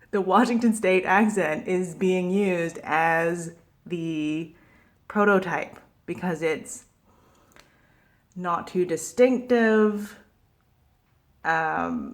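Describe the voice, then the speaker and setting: Chatty woman with a Pacific Northwest accent. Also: lowish voice. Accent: Pacific Northwest American. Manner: chatty, animated, trails off quietly. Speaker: vlogger. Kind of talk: casual rant to camera.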